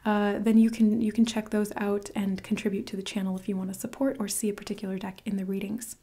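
A woman's voice: mid-range voice, flat delivery, fast, mellow. A woman hosting her own channel, giving an earnest, gushing tarot reading to camera and dropping to a whisper for emphasis. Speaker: tarot reader, channel host. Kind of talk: casual spiritual reading to camera.

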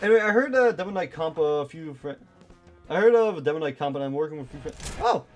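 Excitable high-voiced young man gaming. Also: quick pace, soft background music. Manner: excitable, swearing, rambling with many fillers. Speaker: streamer. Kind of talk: live gameplay commentary.

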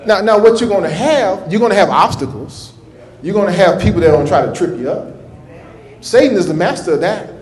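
A male minister preaches a sermon in an echoey church, his high, darkish-toned voice animated and brisk. His delivery is folksy, repetitive, and rhythmic.

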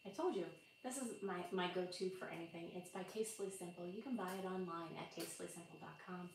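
A woman's voice: on the low side, quick pace, vocal fry. A woman hosting a live cooking stream from her home kitchen, chatting her way through each step and laughing off small slips. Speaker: livestream cooking host. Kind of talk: casual live cooking chat. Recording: echoey room, far from the mic, audible noise.

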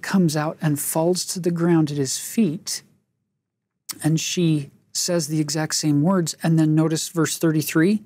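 A woman leads a scripture lesson in an unhurried, measured delivery, reading verses and pausing to pose questions. Her voice is mellow and a little husky, recorded close and dry. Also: low voice, no echo. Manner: reads verses aloud and comments earnestly; asks listeners reflective questions. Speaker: scripture study host.

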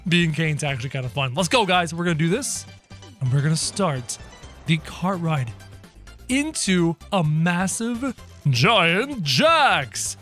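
Excitable man narrating his gameplay. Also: a little high, slow pace, soft background music. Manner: energetic, talks to viewers as "guys". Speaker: gaming video creator. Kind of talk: excited game commentary.

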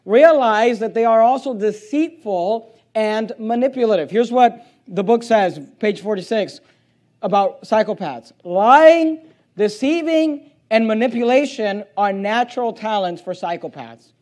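A male pastor preaching a sermon, reading aloud and driving points home by repeating phrases and slowing on key words. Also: high voice, expressive, a little mellow.

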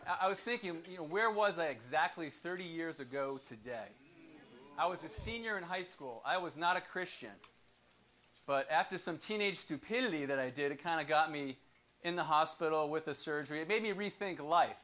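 A man filling in as preacher, giving a casual sermon and retelling a Bible story with voiced quotes, then reading Scripture slowly. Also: expressive, sharp tone. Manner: slow, low Scripture reading. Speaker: substitute preacher. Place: church sanctuary.

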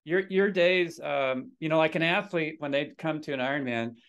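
A man's voice: on the high side, moderate pace, a bit bright, clear, resonant tone, lo-fi sound. A man hosting an interview, asking questions and affirming his guest often. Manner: affirming, frequent mm-hmms. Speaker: podcast host, coach.

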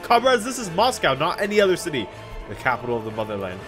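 A man's voice: fairly high pitch, huge pitch swings, fast talker, over music, pitched above the performer's own voice. A man voicing a rousing male Soviet commander who rallies his comrades in a put-on Russian accent. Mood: rallying. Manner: declamatory, rallying.

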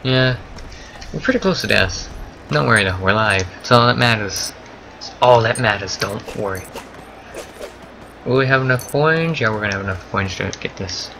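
A man's voice: lowish voice, expressive, normal speed, vocal fry, pauses often, slight background noise. Goofy man meowing through gameplay commentary. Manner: goofy and playful, meows and jokes while playing. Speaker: gamer. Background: loud game music.

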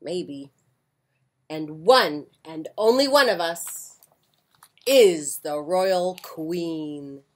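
A woman reading a children's picture book aloud with an expressive voice, breaking off for soft, chatty asides. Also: deep voice, drawn-out words. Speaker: children's story reader. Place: porch, outdoors.

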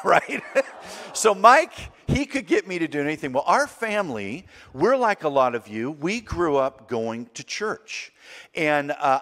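A man's voice: high voice, a bit bright. A middle-aged man from Southern California preaching a sermon as a guest speaker. He tells stories and acts out the voices in them. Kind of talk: storytelling sermon. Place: church sanctuary. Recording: long reverb of a large church hall.

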